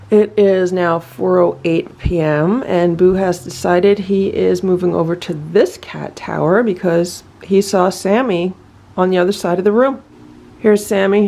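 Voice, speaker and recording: A woman records her cats at home on a phone and narrates what she sees. Her voice sits low for a woman and carries a gravelly fry. She talks calmly and coos to the cats in a sing-song voice. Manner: calm running commentary, then sing-song baby talk to a cat. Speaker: cat vlogger. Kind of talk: casual home vlog narration. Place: home living room with cats.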